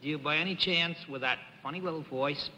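A man's voice: a little high, a little fast, pushed and bright, a little hiss or hum. A man asking wry questions as a panelist on a 1950s game show. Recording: old broadcast audio in a hall.

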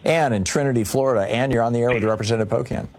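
A man hosting a radio call-in show, brisk and casual. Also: medium pitch, darkish tone, a little hiss or hum. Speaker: radio host.

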